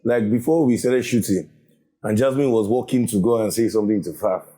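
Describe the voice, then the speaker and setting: Low mellow-voiced man. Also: brisk. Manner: candid and joking, laughs between lines. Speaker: panel cast member. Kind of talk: casual panel chat.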